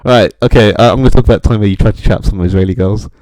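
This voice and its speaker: Fast-talking young man. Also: fairly low pitch, no room sound. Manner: animated storytelling, acts out quoted voices. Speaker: podcast co-host. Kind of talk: casual chat.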